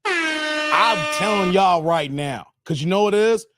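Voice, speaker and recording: Forties male streamer, slangy and joking, lively swinging delivery, a touch high. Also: a little slow, over loud music. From Chicago area, United States. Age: 40s. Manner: joking, laughs often, slangy and emphatic. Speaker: livestream host. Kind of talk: casual livestream commentary.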